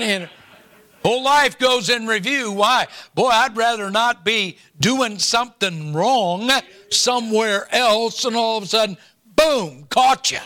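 High, bright-voiced older man preaching. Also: normal speed, vocal fry. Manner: folksy anecdotal preaching with asides. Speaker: pastor. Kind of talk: sermon with personal storytelling.

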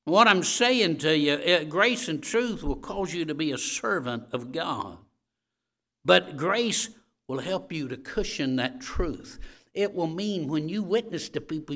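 A preacher delivering a sermon, rising to loud emphatic points and checking in with "all right?" before easing into a quiet closing prayer. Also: male voice, on the high side, lively intonation, a little slow.

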